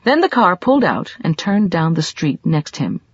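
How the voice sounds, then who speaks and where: A woman's voice: sits low, very animated, normal speed, slightly rough, no room sound. A woman narrating an audiobook in a scripted, dramatic reading with shifting emphasis, recorded in a dull lo-fi, dry way.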